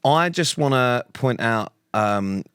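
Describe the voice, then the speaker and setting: A man's voice: medium pitch, animated, slow, a bit bright, clear, resonant tone, no room sound. A young British man co-hosting a podcast, teasing his friend with dry, sarcastic remarks in casual chat. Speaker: podcast co-host.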